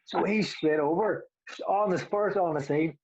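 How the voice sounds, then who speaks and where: Husky man telling a story. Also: high voice, unhurried, darkish tone, dry recording, dull audio. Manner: rambling, laughs often, restarts. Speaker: former footballer, podcast co-host. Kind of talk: casual storytelling.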